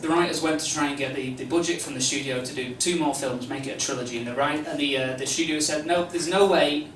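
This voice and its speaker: A man doing a stand-up comedy routine on a club stage, rambling and hesitant, with lots of stammered restarts and deadpan asides. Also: medium pitch, quick pace. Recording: roomy live club recording from a distance, noisy.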